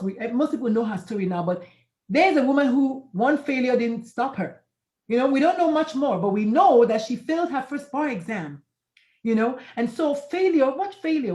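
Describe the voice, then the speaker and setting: Upbeat woman host, kinda high voice, roomy echo. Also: warm tone. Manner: enthusiastic, affirming interjections. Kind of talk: interview chat.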